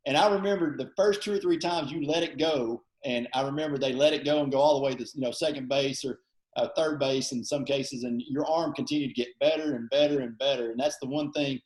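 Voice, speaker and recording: A man, a guest on a casual podcast, telling old teammate stories in an animated way and acting out quotes. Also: mid-range voice. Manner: animated storyteller, acts out quotes. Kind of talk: casual podcast chat, storytelling. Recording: roomy, echoey audio.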